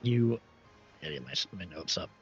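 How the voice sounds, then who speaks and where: A man narrating as game master for a tabletop game, halting and full of restarts. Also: sits low, soft background music. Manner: halting, many restarts and fillers. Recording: dull lo-fi stream audio.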